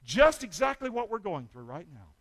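A man preaching a sermon as pastor, calling for amens and swinging from loud shouts to hushed asides. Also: high-pitched, very animated, moderate pace.

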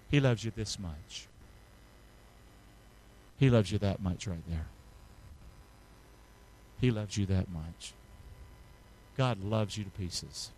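A man preaching a sermon as pastor, calling the congregation to repeat after him and reading scripture aloud, moving between hushed, intimate lines and loud, rising passages. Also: mid-range voice. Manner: call-and-response preaching, swings from hushed to loud.

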